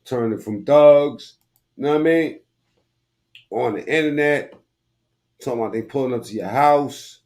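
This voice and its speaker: A man's voice: mid-range voice, normal speed, long pauses, a little mellow. A man giving crude, mocking commentary while reacting to a video. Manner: mocking, crude, laughs at what he watches.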